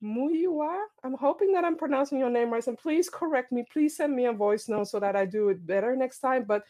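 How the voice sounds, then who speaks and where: A woman hosting an online panel, speaking with energetic asides and frequent repeated phrases as she introduces her guests. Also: sits high, brisk. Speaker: host.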